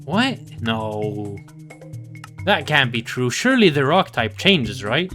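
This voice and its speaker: A man's voice: medium pitch, sing-song, unhurried, bright, forceful tone, faint music behind. A young man giving casual gameplay commentary, talking to himself, swearing and grumbling in exasperation. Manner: sing-song baby talk to animals. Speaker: gaming video creator.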